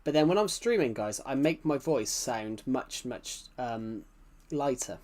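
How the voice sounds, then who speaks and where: A man's voice: mid-range voice, expressive, measured pace, a little mellow. A man with a British accent, chatting casually on a live game stream, rambling and answering chat messages with frequent restarts. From United Kingdom.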